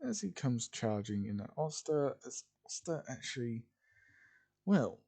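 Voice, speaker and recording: A man's voice: medium pitch, sing-song, unhurried, warm tone, breathy edge. A tired, yawning man casually narrating his own fan story, rambling and apologetic.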